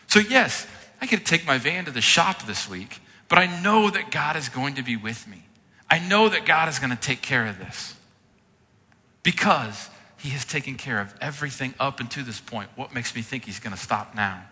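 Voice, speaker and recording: A man preaching a sermon, telling everyday stories and acting out his own exasperated reactions with lively energy. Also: medium pitch. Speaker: pastor. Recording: long hall reverb.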